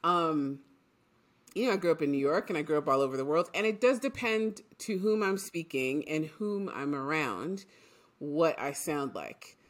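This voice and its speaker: Polished journalist woman, newscaster-smooth delivery. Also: low voice, expressive, normal speed. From Trinidad. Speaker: journalist, podcast co-host. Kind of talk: casual conversation.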